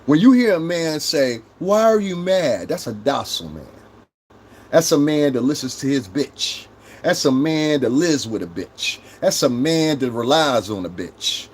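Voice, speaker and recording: A man's voice: sing-song, a little slow, slightly rough. Profane combative man ranting on stream. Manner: profane, combative, mocks chat commenters in high mimicking voices. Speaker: livestream host. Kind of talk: confrontational livestream rant.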